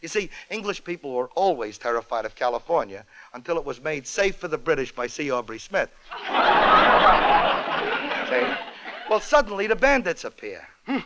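A man's voice: fairly high pitch, sing-song, normal speed, fairly bright tone, slight background noise, poor audio. A man hosting a comedy show, telling a comic story in a wry, joke-timed way. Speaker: comedy radio host.

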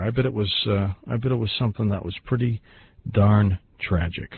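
A man's voice: lowish voice, brisk, vocal fry. Man hosting late-night call-in radio. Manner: wry, teasing questions. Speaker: radio talk show host. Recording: phone-like radio broadcast, faint hiss.

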